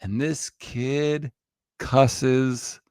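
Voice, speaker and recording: A man's voice: medium pitch, fairly even intonation, extremely slow, darkish tone, clear, resonant tone, no echo, studio quality. A man in his thirties co-hosting a podcast, telling rambling anecdotes full of fillers. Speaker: podcast co-host. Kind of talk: casual chat.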